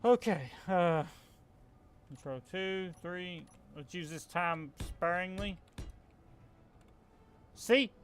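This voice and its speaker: In a high voice, a young Southern US channel host comments casually on a survival game at an extremely slow pace with frequent pauses. He vents his frustration, rambles, and self-corrects against slight background noise.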